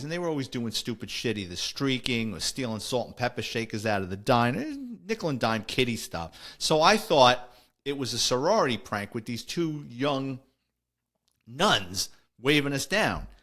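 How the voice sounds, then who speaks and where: This middle-aged man, a former police officer, tells a story on a podcast in a wry, conversational, casual way. His mid-range voice is expressive and fairly bright, and he talks at a normal speed.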